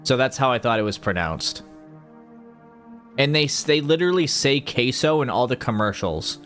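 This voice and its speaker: With soft music in the background, a man livestreams casually, his medium-pitched, fairly bright voice expressive at a normal pace. He rambles about games, jokes around, and pokes fun at himself.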